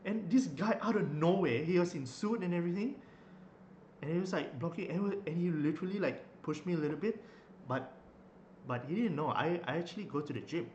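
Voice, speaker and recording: A man's voice: on the high side, lively intonation, brisk, a little mellow, lo-fi sound. A young man, telling a story in a rambling casual way with many fillers and restarts. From Malaysia. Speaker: vlogger. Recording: echoey room, faint noise.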